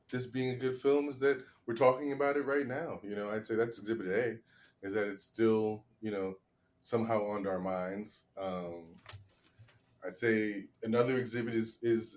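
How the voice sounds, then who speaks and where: A man, a comedian, arguing the defense in a comedy podcast mock trial, halting with many repeated starts. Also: medium pitch, a little mellow.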